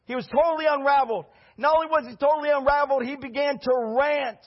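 A man preaching a sermon as pastor, animated, with rhetorical questions and shouted peaks. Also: extremely high pitch, quick pace, few pauses, muffled recording.

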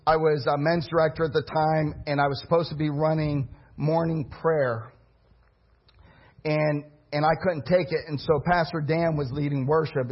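A man preaching a sermon as pastor, alternating impassioned preaching with quiet personal storytelling. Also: fairly high pitch, slightly rough, dull audio.

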